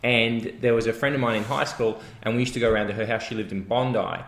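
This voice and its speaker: A man's voice: mid-range voice, fairly even intonation, fast, fairly bright tone, roomy sound. An Australian man co-hosting a comedy podcast, telling rambling stories and laughing often. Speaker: podcast co-host. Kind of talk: casual comedic chat.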